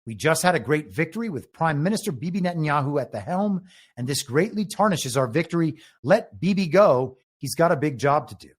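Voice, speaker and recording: A man's voice: fairly high pitch, lively intonation, fast talker, slightly rough. A man hosting a political commentary show, reading out headlines and musing on them in a wry, speculative way. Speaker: show host and moderator.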